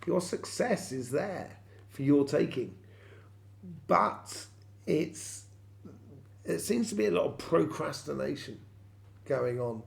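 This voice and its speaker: A man's voice: on the high side, expressive, takes it slowly, gravelly, long pauses. A man giving a weekly tarot reading straight to his viewers, rambling with many fillers and restarts. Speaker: tarot reader.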